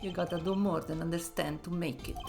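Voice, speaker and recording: A woman voicing a stern older male mob boss with a put-on Russian-sounding accent, slow and low. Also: steady tone, vocal fry, a little mellow, faint music behind. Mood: menacing.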